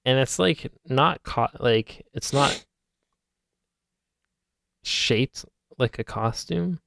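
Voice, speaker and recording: A man's voice: medium pitch, very slow, vocal fry, fairly bright tone, dry recording, clean studio sound. A man co-hosting a podcast in casual chat, laughing often and rambling with fillers. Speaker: podcast co-host.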